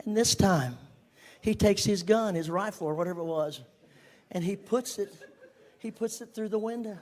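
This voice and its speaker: A man's voice: high-pitched, normal speed. An older man telling a personal testimony in a folksy, self-mocking way, chuckling at himself as he goes. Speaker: guest speaker.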